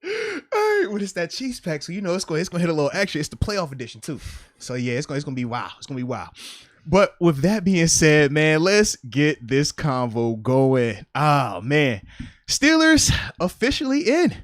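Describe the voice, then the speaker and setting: A man co-hosting a casual sports podcast, playful and animated, laughing often as he talks. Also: fairly high pitch, brisk, no room sound, clean studio sound. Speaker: podcast co-host.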